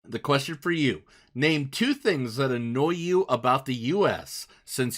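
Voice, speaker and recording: A man's voice: mid-range voice, animated, unhurried. Male podcast host, upbeat and chatty, casual home-studio feel. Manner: upbeat, chatty, prone to restarts. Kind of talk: casual chat.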